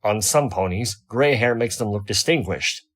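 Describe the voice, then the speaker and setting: A man reading a first-person fan fiction story aloud, wry and expressive. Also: on the low side, moderate pace. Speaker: audiobook reader.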